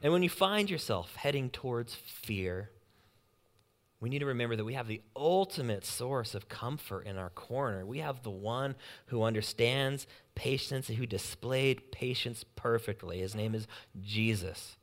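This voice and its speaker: A young man preaching a sermon, swinging between loud urgency and quiet emphasis and acting out anxious inner voices with humor. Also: medium pitch, expressive, moderate pace. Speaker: pastor.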